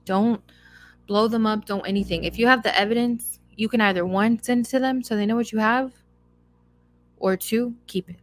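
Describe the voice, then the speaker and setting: A woman's voice: a little high, fairly even intonation, normal speed. A young woman hosting a solo podcast, giving blunt, emphatic advice in a casual chatty way with lots of repetition. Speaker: podcast host.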